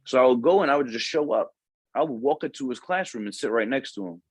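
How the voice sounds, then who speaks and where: A young man at a middling pitch tells a recruiting story in a dry, close recording. His talk is slangy and loose, full of swearing. He jumps into the voices of the people he quotes. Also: quick pace, no echo. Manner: animated, profane, slangy, acts out quoted voices. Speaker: Marine recruiter. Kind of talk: casual podcast storytelling.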